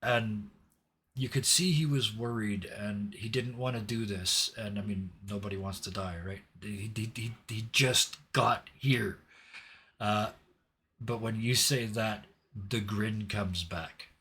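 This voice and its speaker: A man's voice: on the low side, steady tone, takes it slowly, pushed and bright, slight background noise. A man narrating a tabletop roleplaying game as game master, telling the scene vividly and dramatically. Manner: vivid, dramatic storytelling with hesitant restarts.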